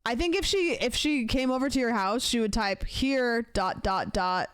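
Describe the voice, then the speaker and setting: A young adult woman streamer chats casually, ranking celebrities' texting habits in a rambling, playful way with the occasional swear word. Her pitch is fairly high and her speed normal, with a clean tone and clean studio sound free of any room noise.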